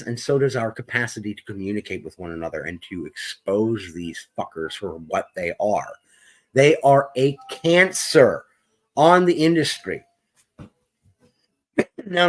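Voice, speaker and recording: Animated, ranting man. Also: lowish voice. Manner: heated, profane ranting; wordy, formal vocabulary. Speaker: podcast co-host. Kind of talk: opinionated gaming discussion.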